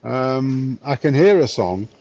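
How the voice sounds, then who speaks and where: A man's voice: mid-range voice, animated, slow, mellow, lo-fi sound. Wry man streaming from a bar. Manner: chatty, wry, reads chat messages aloud. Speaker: live streamer. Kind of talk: casual live-stream chat. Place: bar, drinking a pint. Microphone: phone.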